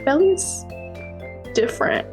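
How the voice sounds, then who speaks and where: A woman's voice: slow pace, faint music behind. A young woman giving casual video commentary on a TV show, talking in a dramatic, sarcastic and gushing way.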